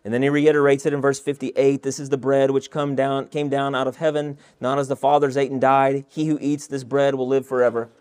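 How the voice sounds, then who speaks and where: A man's voice: mid-range voice, level tone, fairly quick, few pauses, a little mellow, clear, resonant tone. A male pastor preaching an expository sermon, reading scripture verses aloud and asking the listeners rhetorical questions.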